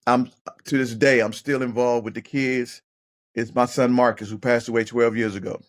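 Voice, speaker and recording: Middle-aged man telling lively stories. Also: medium pitch. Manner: animated storyteller who acts out other people's voices; repeats and restarts words while thinking. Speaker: podcast guest, former pro football player turned high school coach. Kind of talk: casual storytelling interview.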